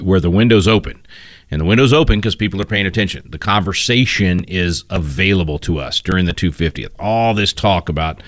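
A man's voice: low-pitched, dry recording, clean studio sound. A man hosting a radio talk show, speaking casually with frequent restarts and fillers. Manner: rambling, many restarts and fillers.

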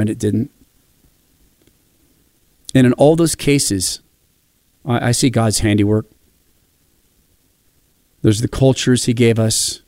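A middle-aged man from Spokane in a reflective monologue, telling animated stories and acting out quoted voices. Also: lowish voice, dry recording. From Spokane, Washington, USA.

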